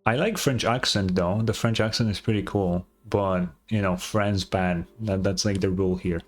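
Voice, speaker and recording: Low-voiced rambling European streamer. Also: male voice, fairly even intonation, moderate pace. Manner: rambling, repeats himself, chats with viewers. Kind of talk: casual live-stream commentary. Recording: stream with game music.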